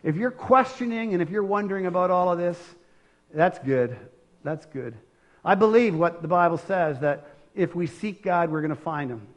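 An older man delivers a sermon in a casual, earnest way, often restarting his sentences. His voice sits high for a man. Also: fairly quick, lo-fi sound. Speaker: preacher.

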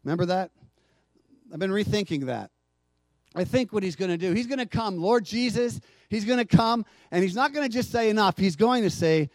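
A man preaching a sermon as pastor, moving from hushed, gentle passages to loud emphatic ones and calling out to the congregation for responses. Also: sits high, lively intonation, normal speed, no echo.

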